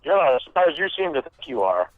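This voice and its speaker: A man's voice: a little high, very animated, quick pace, dry recording. A man hosting a call-in show, combative and accusing as he argues with a caller. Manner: combative, accusing, repeats threats. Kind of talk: heated phone argument. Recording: phone-like narrow line, dry.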